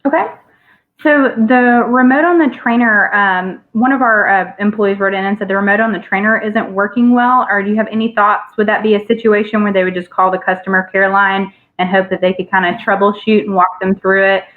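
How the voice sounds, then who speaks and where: A woman's voice: mid-range voice, steady tone, fairly quick. A woman moderates a training call, reading out questions from her team. She hesitates often and uses a lot of fillers. Her voice comes through a thin, phone-like line.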